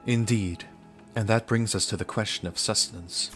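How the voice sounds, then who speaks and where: A man's voice: fairly low pitch, steady tone, moderate pace, faint music behind. A man streaming, reading a game's story aloud and joking between lines. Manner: reads narration, jokes between lines.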